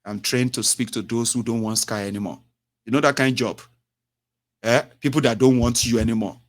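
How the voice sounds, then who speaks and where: A man's voice: mid-range voice, steady tone, fairly quick. A man, hosting a talk show in a loose, expansive monologue with frequent "eh" and "you know". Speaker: show host.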